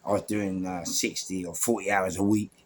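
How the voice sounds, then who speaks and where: A man's voice: sits low, fairly even intonation, normal speed, a little hiss or hum. A man casually telling stories from his years as a doorman on a podcast, rambling with lots of fillers and repeated words. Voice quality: gravelly, husky voice. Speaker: former doorman and security firm owner telling stories.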